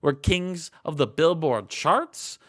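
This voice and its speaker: A man's voice: fairly high pitch, animated, slow, fairly bright tone. A man voicing a boastful male wrestler who brashly taunts a rival, swearing as he boasts. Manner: brash, taunting, profane trash talk. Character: boastful male wrestler calling himself a real king.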